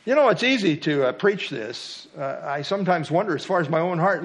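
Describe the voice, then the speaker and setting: A man preaching an expository sermon in an earnest, reflective way, softening his voice to read a poem and quotations. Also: high voice, big pitch swings, a little fast, few pauses. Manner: earnest, reflective, reads poems and quotes softly. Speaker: pastor.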